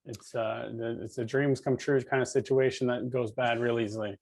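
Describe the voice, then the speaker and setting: A man co-hosting a podcast in casual chat, speaking haltingly with fillers and restarts. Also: medium pitch, fairly even intonation, creaky, darkish tone. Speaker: podcast co-host.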